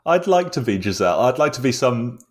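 A man's voice: mid-range voice, big pitch swings, a little fast. A man chatting casually about a film with friends, laughing often and rambling with restarts. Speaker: podcast co-host discussing a film. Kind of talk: casual chat.

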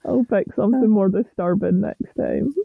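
A woman's voice: medium pitch, moderate pace, creaky, slightly rough. A woman chatting wryly over a video call, speaking close into a muffled computer mic while lying down. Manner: chatty, wry and teasing. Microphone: muffled computer microphone, speaking up close while lying down.

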